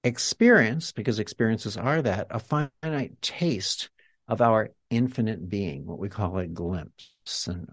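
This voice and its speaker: This healer, a male guest in a reflective interview, walks the listener through an exercise in a teacherly manner. His fairly low voice is husky and animated, at a measured pace, without echo.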